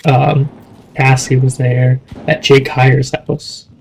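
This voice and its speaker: A man's voice: medium pitch, flat delivery, takes it slowly, creaky, a little mellow, a little hiss or hum, rough recording. A young man in casual chat, rambling and swearing, often trailing off mid-thought. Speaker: streamer.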